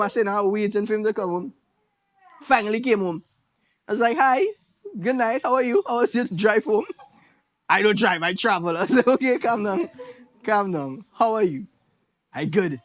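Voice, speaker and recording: A man's voice: high-pitched, slight background noise. Trinidadian man doing stand-up. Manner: animated storytelling with impressions of relatives. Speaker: stand-up comedian. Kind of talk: stand-up comedy set.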